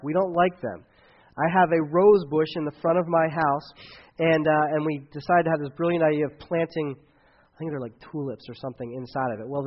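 A man preaching a sermon in a relaxed, chatty way, his voice sitting a little high for a man. He slips in offhand asides between points. The recording sounds a bit dull and lo-fi. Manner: casual, conversational preaching with asides. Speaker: pastor.

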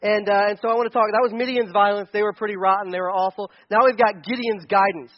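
A man's voice: sits high, steady tone, fast talker. A man preaching a sermon as pastor, conversational with casual asides, in a dull lo-fi recording. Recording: dull lo-fi sound.

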